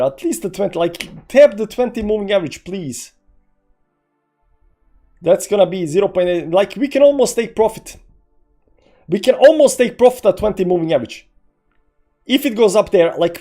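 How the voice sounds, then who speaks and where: A man live-streaming his crypto trades, moaning in despair at losses and cheering at gains, talking to his viewers. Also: high-pitched. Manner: swings between groaning despair and excited cheering; dramatic, self-mocking, talks to chat. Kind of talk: live-stream commentary on a trading chart.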